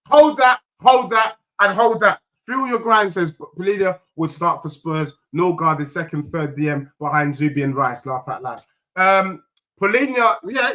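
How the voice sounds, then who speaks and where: A young man hosts a football fan stream, trading heated, teasing banter with viewers in rapid-fire bursts. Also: high voice, bright, forceful tone. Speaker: football fan channel host. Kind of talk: animated live fan chat reacting to viewers.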